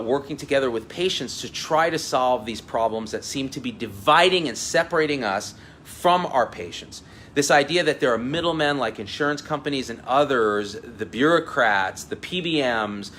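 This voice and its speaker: A man in his forties hosts a lively live-stream chat, his pitch swinging widely as he tells a story. His voice is bright and forceful, with faint room noise behind him. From New Jersey, US. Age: 40s. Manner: animated, storytelling, acts out quotes. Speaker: host. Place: hotel event space with crowd.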